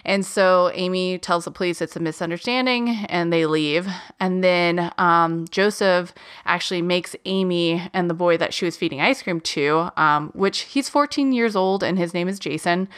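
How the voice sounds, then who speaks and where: Lower-voiced woman telling a crime story. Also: normal speed, few pauses, a bit bright. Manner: chatty, many fillers like "um" and "like". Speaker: podcast host. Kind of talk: casual true crime storytelling.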